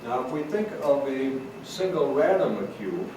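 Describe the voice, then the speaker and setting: A man's voice: medium pitch, big pitch swings, a little slow. A man teaching drum rudiments in a recorded lesson, patiently explaining and counting out rhythms. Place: room with drum kit. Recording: roomy echo, distant mic, noisy.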